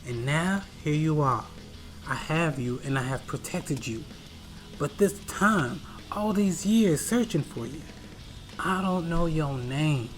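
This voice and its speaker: A comedic narrator voicing a tough action heroine in a low, calm, teasing voice. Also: slow pace, soft background music. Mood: tender. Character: tough, cool heroine woman, sly.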